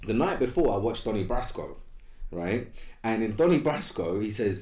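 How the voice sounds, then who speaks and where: Deep-voiced man in an echoey room. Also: normal speed. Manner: relaxed storyteller, tags lines with "right?". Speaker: podcast guest, dancer. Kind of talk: casual chat, storytelling.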